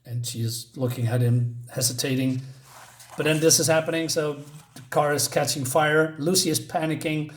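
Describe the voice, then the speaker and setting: A man walks through a horror comic page by page, pausing often and filling gaps with fillers. His voice sits a little high for a man. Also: steady tone. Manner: hesitant, many fillers. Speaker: comic reviewer. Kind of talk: comic book recap.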